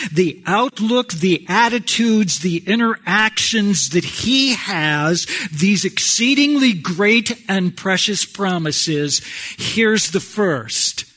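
A man preaching a sermon, swinging from raised exclamations to soft near-whispers. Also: sits high. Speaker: pastor.

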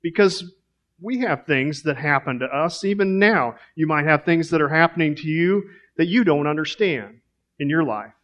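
A man's voice: a little high, moderate pace, fairly bright tone, lo-fi sound. A man preaching a sermon in a conversational way, asking rhetorical questions.

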